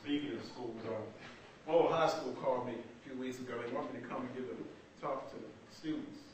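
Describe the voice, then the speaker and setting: A young man doing stand-up comedy, telling stories in an animated, conversational way. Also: medium pitch, a little fast. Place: small black box theater. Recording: echoey theater from far off, noisy.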